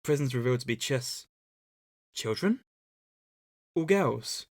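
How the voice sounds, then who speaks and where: A man co-hosting a relaxed book-club podcast, walking through a story's events in a steady, mid-pitched voice. He drops in deadpan jokes between recap points. The sound is dry and close, with no room echo. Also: a little slow. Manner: dry joking asides between plot recaps. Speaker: podcast co-host. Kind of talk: casual book-club podcast, summarizing a novel.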